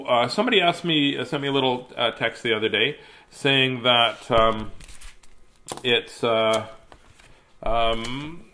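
A man's voice: a little high, pushed and bright. A middle-aged man, chatting casually and greeting viewers by name at home before reading a children's book aloud. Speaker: children's book reader on a livestream.

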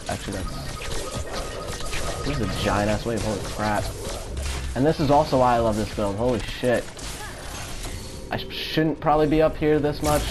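A man giving live commentary on his own gameplay, excitable, swearing often and repeating phrases in quick bursts. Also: on the low side. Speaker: gamer. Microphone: home setup without face cam.

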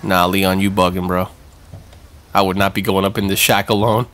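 A man hosting a gaming channel, giving excitable let's-play commentary with swearing and jumpy reactions. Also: low-pitched, moderate pace.

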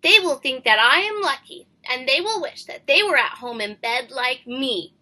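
A woman's voice: high voice, animated, pushed and bright, full character voice. A woman voicing an anxious grown woman in a storybook who whines and dreads her first day at school. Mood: defiant. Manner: whining, drawn-out protests.

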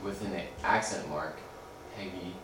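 A male student reading a passage aloud in class, halting over words. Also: low-pitched, noisy background. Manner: reads haltingly. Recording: very echoey room, mic far off.

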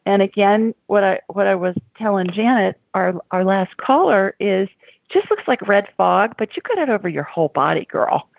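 Gravelly woman hosting a call-in show. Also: medium pitch, animated, normal speed, dry recording, poor audio. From Alabama. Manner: chatty, warm-hearted, laughs often. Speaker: call-in show host, psychic. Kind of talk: call-in radio chat.

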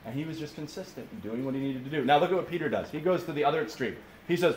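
A man in his thirties preaches with a slightly raised voice, full of animated storytelling and quick restarts. The room rings with a roomy echo, and a faint hiss sits under the sound. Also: fairly high pitch. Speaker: pastor. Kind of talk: sermon. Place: camp meeting room.

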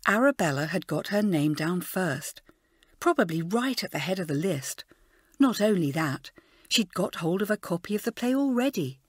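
A woman narrating a children's storybook in an expressive, animated way. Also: on the low side, moderate pace, husky, no room sound, studio quality. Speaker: audiobook narrator.

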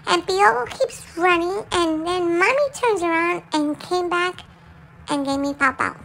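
A woman voicing a small, excitable pet dog, chatting and mixing English with Spanish as it tells its side of the story. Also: very high-pitched, a little slow, gravelly, a little hiss or hum, exaggerated voice, rough recording. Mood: chatty confessional. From Puerto Rico. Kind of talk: confessional monologue in a dog's voice.

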